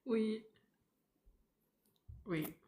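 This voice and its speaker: A woman with a warm, fairly high voice reads a novel on a live stream, speaking very slowly. She reacts emotionally and rambles with plenty of fillers, in a roomy recording with faint background noise.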